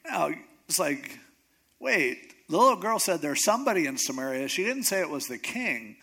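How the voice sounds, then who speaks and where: A middle-aged male pastor preaching a sermon, retelling a Bible story in a lively, conversational way and acting out the characters' lines. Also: a little high, creaky, husky. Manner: animated storytelling, acting out characters in quick asides.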